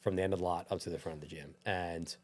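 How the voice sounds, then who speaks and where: A young adult man, a gym owner, telling a lively story in casual chat, acting out quotes and laughing often. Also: low voice, racing. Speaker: gym owner, podcast guest.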